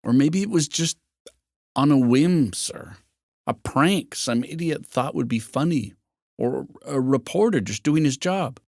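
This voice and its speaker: A polite, cautious male aide who keeps deferring to his boss, as a narrator puts him on. His voice has an everyday middle pitch. The dry, close recording suits a storybook. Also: animated, measured pace, vocal fry, a little mellow, no room sound.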